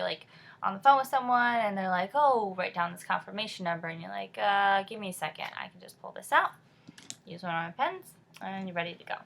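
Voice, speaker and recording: A woman's voice: medium pitch, pushed and bright, a little hiss or hum. A woman in her twenties from California, with a Californian accent tinged by New England, chatting casually with lots of fillers. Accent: Californian with a touch of New England. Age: 20s. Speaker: vlogger. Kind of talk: casual chat.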